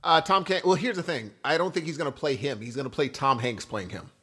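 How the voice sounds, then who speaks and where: A man co-hosting a podcast, giving opinions in animated casual banter. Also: a little high, a little fast. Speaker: podcast co-host. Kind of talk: casual chat.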